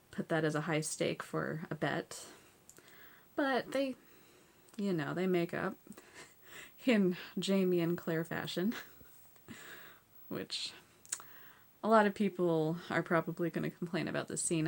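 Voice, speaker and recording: A woman talks through a TV episode recap in an easygoing, chatty way, laughing often as she goes. Her voice sits fairly low and has a noticeable gravelly, creaky edge. She keeps filling her talk with casual "like" and "so yeah".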